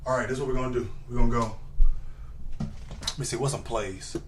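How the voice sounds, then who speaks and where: A young man streaming live, who shouts football snap counts and mutters casual asides to himself. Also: medium pitch, steady tone, brisk. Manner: shouts football cadences between mumbled asides. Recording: echoey room, mic at a distance, faint noise.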